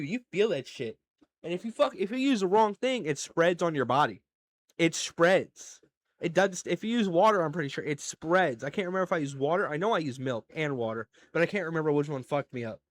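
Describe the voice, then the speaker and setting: A man's voice: on the high side, no room sound. Profane young man rambling on a podcast. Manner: crude, profane storytelling with animated swings in loudness. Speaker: podcast host. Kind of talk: casual solo podcast monologue.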